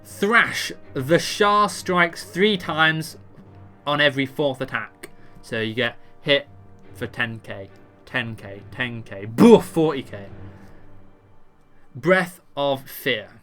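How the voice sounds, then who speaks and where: A man's voice: mid-range voice, slow, bright, forceful tone, faint music behind. A man casually reading out game ability text and commenting offhand, stumbling over words. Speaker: gamer explaining a raid boss.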